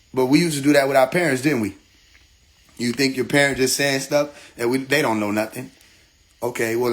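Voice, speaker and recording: A middle-aged man talking casually on a livestream, telling stories with playful voices and laughter. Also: mid-range voice. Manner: animated storytelling with playful mimicry and laughter. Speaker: livestream host.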